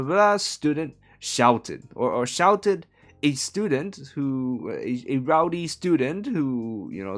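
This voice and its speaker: During a casual live translation stream, a Hong Kong man chats along, rambling and correcting himself. His pitch moves in a lively, animated way, he chuckles often, and soft guitar music sits faintly in the background.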